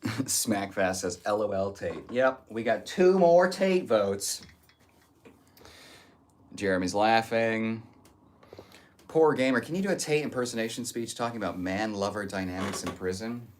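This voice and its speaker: Slow-talking man joking with his chat. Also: fairly low pitch, animated. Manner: jokey, crude banter, reads viewer comments aloud. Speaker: livestreamer reading chat. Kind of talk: casual livestream chat.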